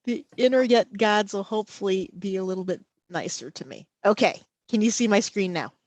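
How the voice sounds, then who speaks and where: A woman presenting a live safety training webinar over a video call, slow and halting, often pausing to check in with "okay". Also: medium pitch, a little mellow, no echo. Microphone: computer mic over video call.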